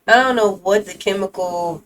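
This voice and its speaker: A woman's voice: medium pitch, moderate pace. A woman hosting a reaction video, gasping and exclaiming as she comments on clips.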